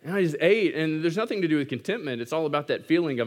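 Animated preaching man, conversational and playful. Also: a little high, fast, hardly any pauses. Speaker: pastor. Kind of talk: sermon.

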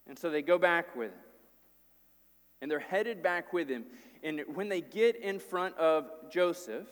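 A man's voice: fairly high pitch, lively intonation, unhurried, big-room sound. A man preaching a sermon, retelling a story with acted-out quotes and casual asides.

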